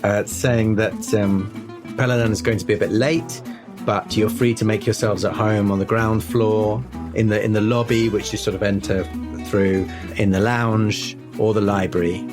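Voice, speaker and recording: A man's voice: fairly low pitch, steady tone, moderate pace, over music. A man narrating a tabletop horror game as game master, in a loose, rambling way.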